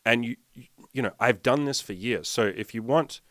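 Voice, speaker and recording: A man's voice: mid-range voice, normal speed, a bit bright, dry recording, studio quality. A man speaking as a dating coach in a casual monologue, blunt and profane, acting out quoted lines of dialogue.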